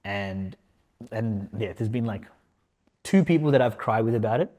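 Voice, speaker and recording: A man speaking as a podcast guest in casual, emotional conversation, reflective and halting, dropping "man" and "like" between thoughts. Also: fairly low pitch, expressive, dark tone. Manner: reflective, halting, heavy use of fillers like "man" and "like".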